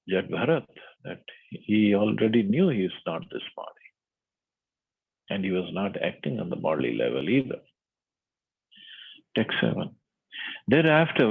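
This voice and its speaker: Male scripture class speaker: gravelly voice, measured reading that slips into plain asides. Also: on the low side. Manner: measured reading, then loose explanatory asides. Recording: phone-like narrow sound.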